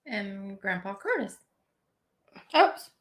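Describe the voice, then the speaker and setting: A woman's voice: medium pitch, big pitch swings, takes it slowly. A woman co-host in casual live-stream chat, dropping dry teasing asides from across the room.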